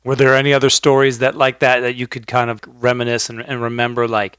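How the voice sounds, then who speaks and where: A man's voice: medium pitch, level tone, brisk, hardly any pauses, fairly bright tone, clear, resonant tone, dry recording, studio quality. Effusive male podcast host. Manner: rambling, effusive. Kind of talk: casual interview chat.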